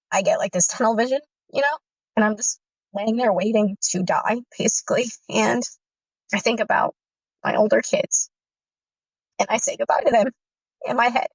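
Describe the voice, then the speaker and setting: A woman telling her own story as personal testimony. She speaks in a halting, earnest way, full of fillers and restarts. The recording is dull and muffled, with a dry, close sound. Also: mid-range voice, vocal fry, dry recording. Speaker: guest survivor recounting abuse.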